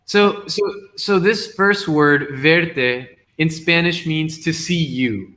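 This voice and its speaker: A man, a guest poet in a casual call, explaining his wordplay carefully and reading slowly. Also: on the high side, bright, forceful tone. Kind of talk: casual video-call conversation.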